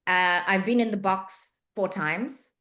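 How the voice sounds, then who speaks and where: A middle-aged woman with a South African accent shares her story in an interview, in a mid-range voice. She talks in a lively, anecdotal way, acting out the quoted lines of dialogue. She stumbles and restarts her sentences as she goes. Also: medium pitch, takes it slowly. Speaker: physiotherapist and medico-legal report writer.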